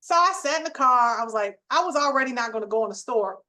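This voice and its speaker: On her channel, this middle-aged host relays a story with animated emphasis and a chatty tone, aiming to deliver a preachy message to viewers. Her voice is a little high and her pace quick.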